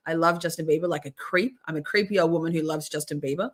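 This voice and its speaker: Chatty middle-aged woman streamer, a touch low. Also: quick pace. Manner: chatty and swearing, frequent throat clearing and restarts. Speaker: livestream host. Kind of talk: casual livestream chat.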